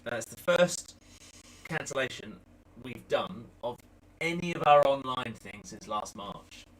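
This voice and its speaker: A man's voice: medium pitch, lively intonation, unhurried, fairly bright tone, rough recording. A middle-aged man, co-hosting a casual Q&A chat in a teasing, joking manner. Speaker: co-host of a dance channel Q&A.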